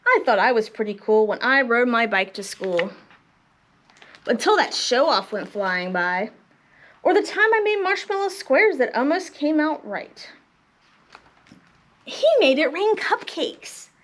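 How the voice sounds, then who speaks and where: A woman's voice: high-pitched, a bit bright, full character voice. A woman doing a jealous bragging goat. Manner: complaining and bragging in first person. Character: jealous boastful goat, a picture-book child.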